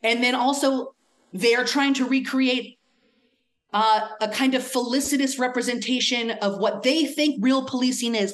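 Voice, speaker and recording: A young adult woman telling a story in a casual talk, laughing often and acting out the voices of the people in it. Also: medium pitch. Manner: animated, laughs often, acts out quoted voices. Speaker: academic speaker.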